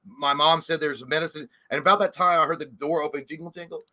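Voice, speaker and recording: A man's voice: on the high side, fairly even intonation, fast talker, pushed and bright. A man co-hosting a casual live-stream chat, telling a story with lots of swearing and acted-out voices. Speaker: podcast co-host.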